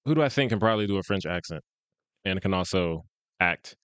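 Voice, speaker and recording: Relaxed low-voiced man chatting. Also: a little fast, clean tone, dry recording. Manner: laid-back, chatty, laughs often. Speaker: podcast co-host. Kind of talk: casual fan-casting chat.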